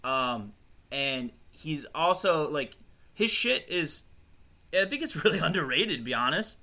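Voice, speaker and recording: A man's voice: fairly high pitch, animated, unhurried, sharp tone. A man co-hosting a podcast, chatting casually and rambling with lots of swearing and laughter. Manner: rambling, profane, laughs often. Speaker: podcast co-host. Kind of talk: casual chat.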